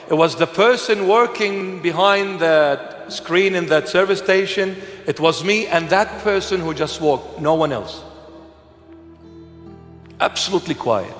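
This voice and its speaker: Slow-speaking preacher man in an echoey hall. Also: a little high, a bit bright. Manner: humorous, with laughs and self-mockery. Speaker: bishop preaching. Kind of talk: sermon storytelling. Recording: echoey hall with music behind.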